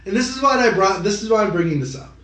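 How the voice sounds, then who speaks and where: Young male podcast co-host, high voice, roomy distant sound, rambling and animated. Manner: rambling, profane, animated with quick impressions. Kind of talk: casual chat. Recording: echoey room, off-mic.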